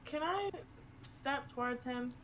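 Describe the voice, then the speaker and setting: A woman playing in a tabletop game, animated and rambling, swearing freely. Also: high-pitched, slow, noisy background. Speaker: player. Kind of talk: casual tabletop play.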